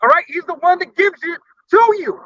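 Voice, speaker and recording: A man's voice: very high-pitched, normal speed, a bit bright, dry recording, dull audio. A man preaching a fiery sermon, blunt and profane, punctuating every point with a challenging "all right?". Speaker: street preacher.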